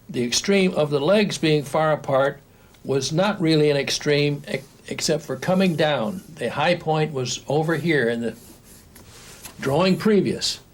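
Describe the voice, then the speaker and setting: An older man teaching animation in a recorded home-video lesson, explaining step by step while he draws, with frequent restarts. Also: fairly high pitch. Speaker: animation instructor. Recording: faint background noise, old home video.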